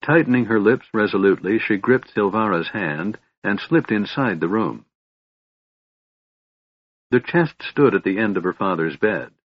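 A man narrating a fantasy audiobook in a measured storytelling delivery. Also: fairly low pitch, expressive, breathy edge, highs cut off.

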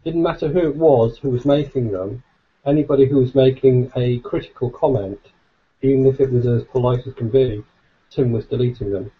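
A man's voice: mid-range voice, moderate pace, slightly rough, phone-quality sound. A man, a co-host and father, telling stories in a wry, casual way. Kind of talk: casual group chat.

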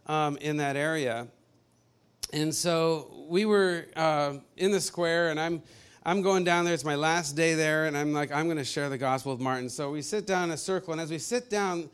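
A man casually telling a personal faith story, animated and often laughing as he acts out what people said. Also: fairly high pitch, clear, resonant tone.

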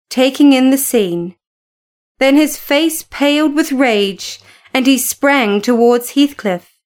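A woman reading a classic story aloud in a steady, measured way. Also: sits high. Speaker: narrator.

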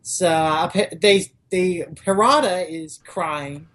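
A man's voice: sits high, slow, a bit bright. A young man co-hosting a podcast, casually recapping a manga chapter and slipping into playful character voices. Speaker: podcast co-host.

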